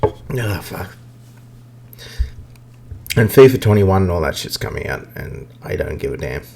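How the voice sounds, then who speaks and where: A man's voice: deep voice, sing-song, a little slow, vocal fry, a little mellow, a little hiss or hum. A man hosting a podcast, ranting bluntly and profanely about video games in casual talk. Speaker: podcast host. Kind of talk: casual gaming rant.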